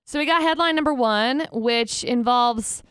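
Wry, clear-voiced female radio co-host. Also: a little high, measured pace, no room sound, clean studio sound. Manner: wry, deadpan asides, laughs at stories. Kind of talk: casual radio banter and headline reading. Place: radio studio. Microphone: studio microphone.

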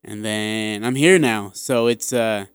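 A tired man co-hosting a casual sports talk radio show in a studio, telling stories in an animated way. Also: fairly low pitch, slow, clear, resonant tone, no room sound. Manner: animated storyteller who acts out dialogue. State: tired, running low on energy. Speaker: radio co-host.

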